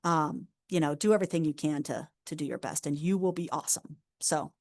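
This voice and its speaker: A woman's voice: low voice, fairly quick, darkish tone. A woman in her thirties, a university enrollment advisor, giving a casual, encouraging recorded orientation talk with many fillers and restarts.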